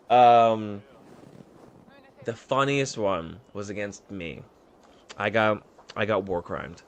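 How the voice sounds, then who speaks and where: Campy, animated young man telling stories. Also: on the low side, slow, long pauses. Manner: animated, campy, profane storyteller. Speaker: streamer. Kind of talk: casual storytelling while gaming.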